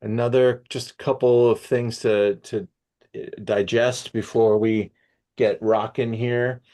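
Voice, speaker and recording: A man's voice: mid-range voice, flat delivery, a little slow, mellow. A man hosting an educational wine session, easygoing and hesitant with many fillers. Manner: easygoing, with many ums and uhs. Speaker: wine shop host.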